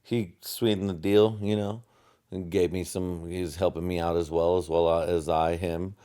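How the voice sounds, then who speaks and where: Deep-voiced American man riffing profanely. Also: level tone, moderate pace, dark tone, smooth. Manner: profane, digressive, laughing at his own jokes. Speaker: podcast host. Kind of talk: rambling solo podcast monologue.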